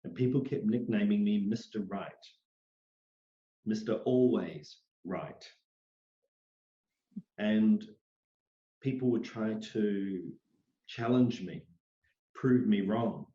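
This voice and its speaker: A man's voice: lowish voice, slow pace, long pauses. Man telling stories in a roomy, muffled recording. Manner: animated, acts out quoted voices. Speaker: interview guest, psychic medium. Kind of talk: storytelling in a conversational interview. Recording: roomy, dull lo-fi sound.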